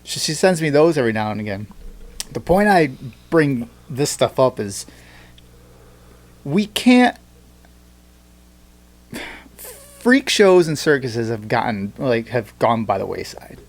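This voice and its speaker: A man's voice: medium pitch, big pitch swings, takes it slowly, pauses often. Podcast host, male, mid-range voice, meandering filler-heavy delivery. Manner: rambling, filler-heavy storytelling. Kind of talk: casual chat.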